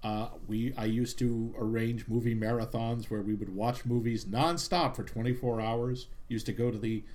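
A man's voice: medium pitch, fairly even intonation, a little mellow. A man from the greater Boston area, co-hosting a movie podcast in casual chat, joking and self-deprecating. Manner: jokey, self-deprecating, quick with puns and references. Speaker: podcast co-host.

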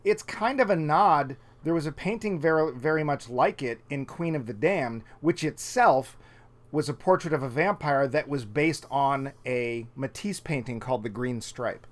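A man's voice: fairly high pitch, moderate pace. Rambling man chatting about films. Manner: rambling, self-interrupting with fillers. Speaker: podcast co-host. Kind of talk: casual film review chat.

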